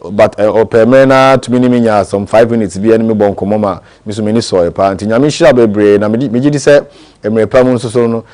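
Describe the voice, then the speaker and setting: A man's voice: fairly low pitch, steady tone, fast, a little mellow. A man hosting a TV morning show, talking conversationally.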